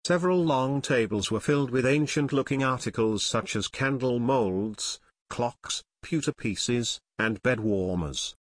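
A male audiobook narrator reading at a steady, even pace of storytelling. His pitch is mid-range and the recording is very dry and close, with no room sound. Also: unhurried, few pauses, dry recording. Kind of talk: scripted narration.

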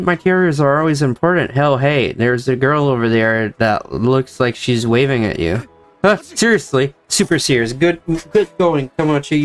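A young man reading a visual novel's dialogue aloud for the characters, with joking asides of his own. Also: on the high side. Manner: plays each character in quick shifts of voice, joking asides. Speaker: gameplay narrator.

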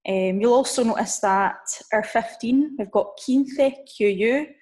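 A woman teacher giving a recorded online lesson, drilling numbers slowly and checking in with "okay?" as she explains. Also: fairly high pitch, darkish tone. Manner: slow, drawn-out drill of numbers with frequent "okay?" check-ins. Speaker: language teacher.

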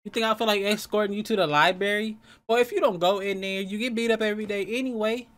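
A man's voice: sits high, fairly even intonation, quick pace, fairly bright tone, slight background noise. A man giving casual, crude, joking gameplay commentary full of slang. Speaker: gaming youtuber. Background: game music.

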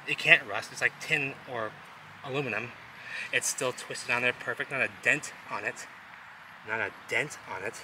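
Guy rambling into his camera outside, all worked up, repeats himself a lot, traffic and outdoor noise all around. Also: medium pitch. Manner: excitable, rambling, repeats himself, calls the viewer baby. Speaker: vlogger exploring urban ruins. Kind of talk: casual outdoor vlog narration. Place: outdoors in a wooded city lot. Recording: noisy outdoor camera audio.

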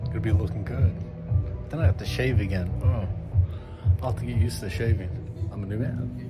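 A man's voice: fairly low pitch, fairly quick, over loud music. A man in a casual vlog, rambling and joking about himself as he goes about his day in a town in winter. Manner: rambling, self-mocking, chatty. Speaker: vlogger.

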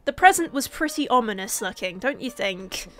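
A young woman with a fairly high, animated voice gives silly, theatrical commentary over a Minecraft video at normal speed, with soft music playing behind her. This playful YouTuber often stumbles and restarts her words.

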